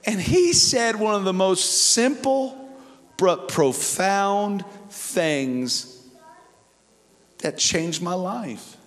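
A man with a very high voice preaches a fervent sermon, telling his own story to a congregation. The sound carries a long, ringing reverb from a large hall. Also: expressive, drawn-out words, pauses often, faint music behind. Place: church hall.

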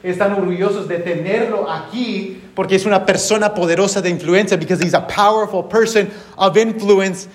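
A man preaching to a congregation in a voice a little higher than most men's. He switches line by line between English and Spanish and slips in dry, sarcastic asides. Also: steady tone, fairly quick, few pauses. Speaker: pastor. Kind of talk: bilingual sermon, preaching in English and translating himself into Spanish. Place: church before a congregation.

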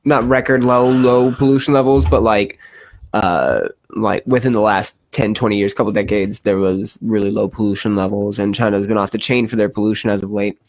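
A man's voice: on the low side, steady tone, fairly quick, no room sound. A man hosting a casual podcast, joking and swearing as he chats with his co-host. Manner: joking, profane, laughs often.

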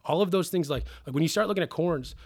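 Animated man telling distillery stories. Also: a little high, fast talker. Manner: animated, swears casually, gets emotional. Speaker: distillery founder. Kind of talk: casual storytelling in a podcast interview.

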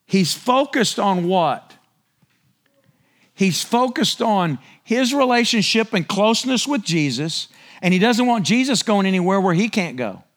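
A man giving a conversational Bible-teaching sermon, animated and storytelling, swinging his voice up and down as he acts out the scene. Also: high-pitched, a little slow.

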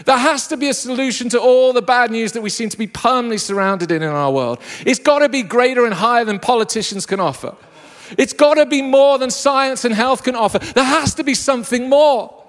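A man preaching a lively, jokey sermon to a live congregation. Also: extremely high pitch, a little fast. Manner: enthusiastic, jokey storyteller. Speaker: pastor. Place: church hall with a live congregation. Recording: long reverb of a large hall.

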